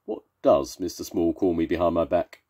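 An older man voicing indignant, easily angered storybook men who shout and bluster. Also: sits low, moderate pace.

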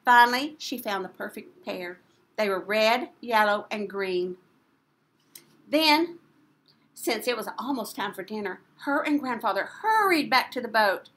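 A woman preschool teacher, reading a picture book aloud to children in an animated, playful way and asking them questions. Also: a little high, a little slow.

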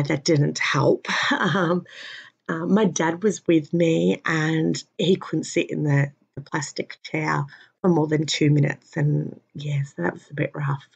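Weary low-voiced woman, gravelly and husky. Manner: halting, with many pauses and fillers. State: tired and in pain. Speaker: vlogger. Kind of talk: personal health update vlog. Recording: dull lo-fi recording.

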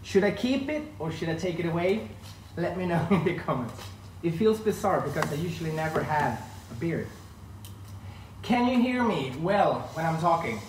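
A man's voice: a little high, animated, moderate pace, a little hiss or hum. Swedish guy in his 30s hosting a dance stream, chatty, greets everyone, roomy echo, far from the mic. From northern Sweden. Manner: chatty, greets chat viewers by name. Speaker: line dance instructor hosting a live stream. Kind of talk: casual live-stream chat greeting viewers. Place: room at home.

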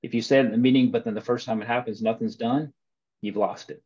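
Speaking quickly at a medium pitch, this man has a fairly even, slightly mellow and husky delivery. He runs a soccer coaching webinar in a relaxed, folksy way, full of stories and questions, and the lo-fi recording sounds muffled.

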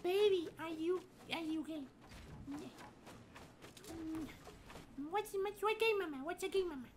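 A man's voice: very high-pitched, unhurried. A man streaming a shooter game, playing a whiny, stammering boy who insists he's a grown man and keeps calling for his mama. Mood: childish, whiny. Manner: stammering, repeats words, calls for mama. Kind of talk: comedic gameplay role-play. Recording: background noise.

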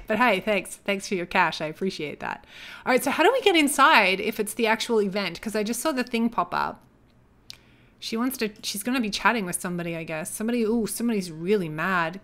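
A young woman chatting casually as she comments on her life-simulation gameplay, excitable and joking as she reacts. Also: medium pitch. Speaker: gaming YouTuber.

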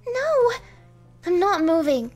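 A woman's voice: very high-pitched, big pitch swings, takes it slowly, a little mellow, faint music behind, pitched above the performer's own voice, exaggerated voice. A woman voicing a grumpy, sleepy young fox shrine maiden who whines and pouts indignantly. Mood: pouting. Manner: whiny, indignant, pouting.

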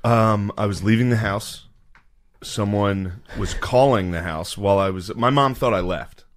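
A man's voice: lowish voice, measured pace. A man telling a crude story in casual podcast chat, laughing through it.

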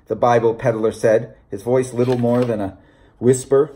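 A man reading a short story aloud in a measured, deliberate narration. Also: mid-range voice, steady tone, warm tone. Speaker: audiobook reader. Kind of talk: scripted narration.

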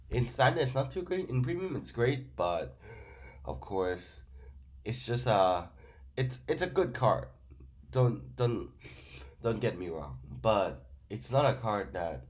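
A man who is sick, giving a casual, rambling card-game review in with many fillers. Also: mid-range voice. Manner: non-native grammar, rambling with fillers. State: sick, stuffy voice.

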